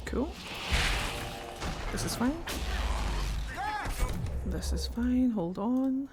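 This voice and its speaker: A woman's voice: fairly high pitch, expressive, drawn-out words, loud music behind the voice. A Scottish woman chatting and joking playfully while she streams a video game, swearing now and then. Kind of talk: casual game commentary.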